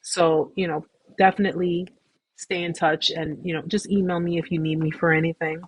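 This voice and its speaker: A woman hosting a live stream, talking casually and at length, warmly repeating reassurances to her viewers. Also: fairly low pitch, level tone, fairly quick, husky. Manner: warm, effusive, repetitive reassurance; talkative, rambling with restarts. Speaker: host of a support live stream.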